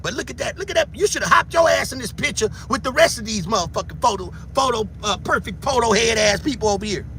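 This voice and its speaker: Man, very high and lively voice, gravelly, bright, shouting and taunting through a livestream rant. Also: fast talker, hardly any pauses, a little hiss or hum. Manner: loud, shouting, taunting, catchphrase-heavy. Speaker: livestream commentator. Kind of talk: heated livestream commentary.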